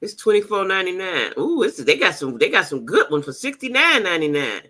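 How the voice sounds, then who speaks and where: A woman's voice: on the low side, big pitch swings, quick pace, sharp tone. A woman hosting a casual livestream, chatting with her audience and reading their comments aloud. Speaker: livestream host.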